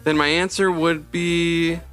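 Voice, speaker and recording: A man's voice: on the high side, level tone, slow pace, a bit bright, faint music behind, voice pushed up. A man reading a children's storybook, voicing a playful, curious young boy who speaks in a giggly, hesitant way.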